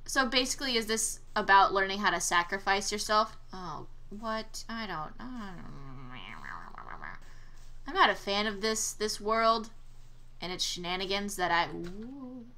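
A woman's voice: medium pitch, a little slow, bright, forceful tone, slight background noise. A young woman giving casual let's-play commentary, exclaiming at failures and trading sarcastic asides with the game. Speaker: gameplay commentator.

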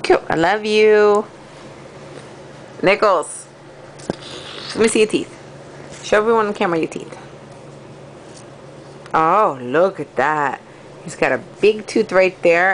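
A woman's voice: medium pitch, slight background noise. A mother cooing playful, sing-song baby talk to her baby, recorded at home on a phone camera.

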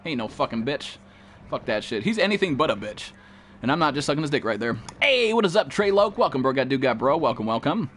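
A man's voice: mid-range voice, big pitch swings, fast talker, a bit bright, slight background noise. A man live-streaming a game, chatting casually and profanely with viewers and greeting them by name.

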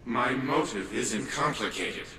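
A man's voice: mid-range voice, animated, slow, vocal fry. A haughty elderly scientist grandfather. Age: older. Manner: haughty, sneering, theatrical. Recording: echoey hall reverb with noise.

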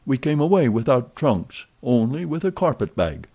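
A man voicing an excitable, talkative young French manservant in an audiobook, eager and full of exclamations. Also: medium pitch, normal speed, breathy edge, voice pushed up. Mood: excited chatter.

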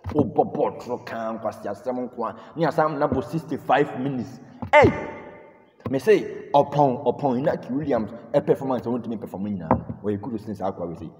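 A man from Ghana giving a heated football rant, fired up, repeating words and breaking into shouts. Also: medium pitch. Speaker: football commentator vlogger. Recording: reverberant room, distant mic, faint noise.

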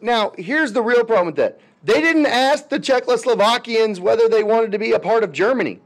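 A man's voice: very high-pitched, animated, fairly quick, few pauses. A male history teacher giving a casual, chatty lecture with jokey, sarcastic asides.

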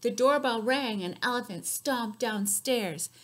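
A woman librarian leading a children's story time, reading aloud with sing-song rhymes, loud cheers and whispered asides. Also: fairly high pitch, a little slow.

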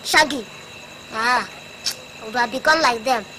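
An actor with a Nigerian English accent playing a cheeky, dreamy grown son who stammers, boasts and wheedles in a comedy film. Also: male voice, very high-pitched, measured pace, bright, forceful tone, a little hiss or hum, exaggerated voice, rough recording. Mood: boastful dreaming. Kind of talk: comic film acting. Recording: film audio with soundtrack music. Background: music.

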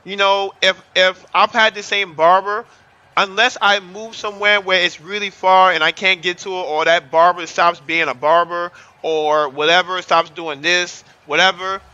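A man in his thirties chatting excitably on his livestream, hyping up the chat and repeating himself as he talks. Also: sits high, normal speed, dull audio. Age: 30s. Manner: excitable, repetitive, hypes up the chat. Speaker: livestream host.

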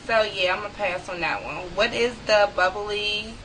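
Chatty woman with a bright voice. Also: mid-range voice, sing-song, a little slow, hardly any pauses, slight background noise, rough recording. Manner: chatty, laughs easily, talks to viewers. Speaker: vlogger. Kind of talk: casual vlog, reading a word list aloud. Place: room at home.

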